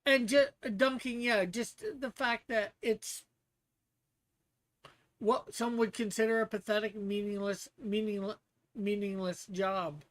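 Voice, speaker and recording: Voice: mid-range voice, fairly even intonation, unhurried, a bit bright. A streamer hosting a guessing game, chatting casually to viewers and rambling with restarts and laughs. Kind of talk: casual livestream chat.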